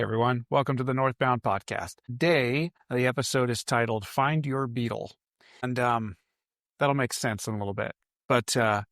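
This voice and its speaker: A man's voice: mid-range voice, vocal fry, dry recording, clean studio sound. A middle-aged man hosting a podcast, telling a story casually, with fillers and self-corrections. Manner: relaxed, conversational, with frequent fillers and self-corrections. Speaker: podcast host.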